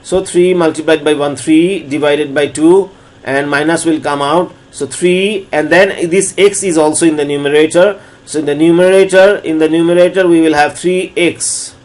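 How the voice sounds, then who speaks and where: A man lecturing on differential calculus, walking through each step slowly and repeating phrases as he explains. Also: fairly high pitch, steady tone. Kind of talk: recorded math lecture.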